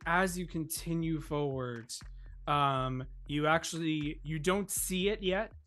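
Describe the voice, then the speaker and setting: A game master narrates a tabletop adventure at an unhurried pace, stopping often for ums and laughs. The voice sits at a middle pitch, with faint music behind it. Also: a bit bright.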